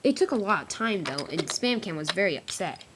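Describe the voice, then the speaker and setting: A woman's voice: fairly low pitch, animated, brisk, very noisy. A woman narrating a homemade toy-train story in a casual way, with small slips and restarts.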